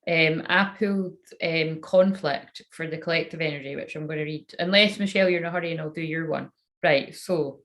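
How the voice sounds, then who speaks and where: Chatty, swearing woman with a low voice. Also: brisk, a bit bright. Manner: chatty, self-mocking, swears freely; mutters and whispers to herself while fiddling with the phone. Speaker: psychic tarot reader live-streaming. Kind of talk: casual live-stream chat.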